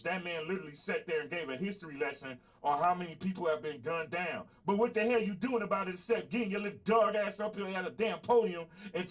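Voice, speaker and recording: Fired-up man with a high voice. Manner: heated, profane, talks to chat directly. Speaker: podcast host. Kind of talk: livestream commentary.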